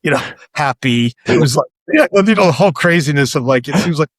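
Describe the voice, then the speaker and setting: This podcast guest, a startup founder in his fifties, chats casually and tells meandering stories full of restarts and repeated words. He sounds a little high and expressive, talking fairly quickly, with no echo.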